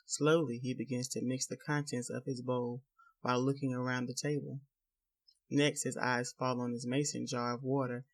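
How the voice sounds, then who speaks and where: Man narrating a novel. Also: mid-range voice. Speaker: audiobook narrator. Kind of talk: scripted narration.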